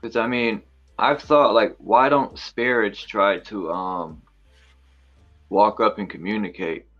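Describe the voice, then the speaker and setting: Brief: man, lowish voice, speculative questions, dull lo-fi sound. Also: slow, fairly bright tone, faint music behind. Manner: wondering, asks speculative questions. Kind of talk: casual chat.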